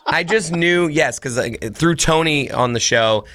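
A man's voice: on the high side, unhurried, a bit bright. A man co-hosting a casual podcast, retelling a restaurant visit with upbeat quoted lines. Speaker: podcast co-host. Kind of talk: casual chat.

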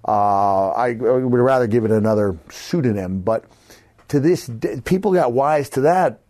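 A middle-aged man as a podcast guest, telling lively anecdotes and calling the host brother. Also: medium pitch, moderate pace. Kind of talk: animated storytelling.

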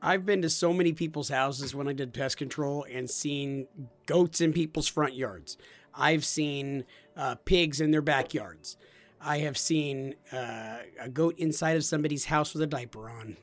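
A man's voice: a little high, a little slow, soft background music. A man, co-hosting a casual chat and telling jokey, self-deprecating stories about his son. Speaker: podcast co-host, father.

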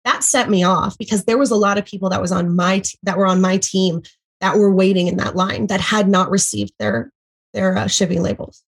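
A woman in her thirties, a former MLM seller appearing as a podcast guest, tells an emotional story with many fillers and acted-out quotes. Her medium-pitched voice is brisk and breathy-edged, animated throughout, and the audio is poor.

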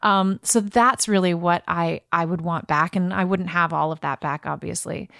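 A woman's voice: fairly low pitch, normal speed, gravelly, a bit bright, no echo, clean studio sound. A woman in her thirties, a guest actor in a casual interview, talking reflectively with easy laughs and frequent restarts.

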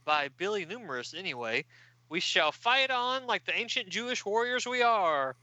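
A bossy young hero leader who rallies his team in grand declarations, as a man does the voice. The pitch is raised high above the reader's own and the tone is bright. It comes across dry and close. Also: big pitch swings, normal speed, no room sound, lo-fi sound, full character voice. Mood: rallying.

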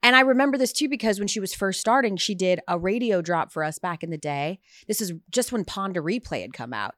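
A woman's voice: mid-range voice, brisk, dry recording. Chatty American woman host, dry sound. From United States. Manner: animated storyteller, playful impressions. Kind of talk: casual chat.

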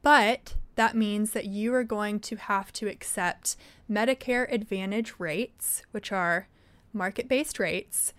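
A young adult woman talks through policy ideas as a guest in an interview. Her voice is smooth and clear, sitting at a middle pitch, and her delivery is measured and explanatory. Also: a bit bright. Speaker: think tank vice president, guest.

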